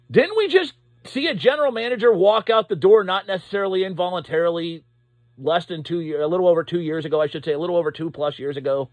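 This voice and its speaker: Fan-channel host, male, high-pitched, dry booth sound, profane and frustrated rant. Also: dry recording. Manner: profane, exasperated, halting restarts. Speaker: sports commentator. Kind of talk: casual sports rant. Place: Pittsburgh.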